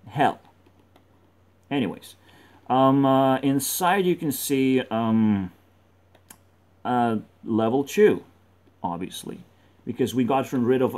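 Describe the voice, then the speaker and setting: A man's voice: medium pitch, darkish tone. A man rambling through gameplay commentary, swearing constantly and joking as he goes. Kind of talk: rambling let's-play commentary.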